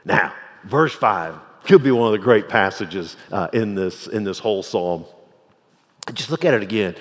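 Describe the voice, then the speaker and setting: A man preaching a sermon, moving between loud, emphatic peaks and hushed, low passages as he reads scripture and explains it. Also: a little slow. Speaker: pastor. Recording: long hall reverb.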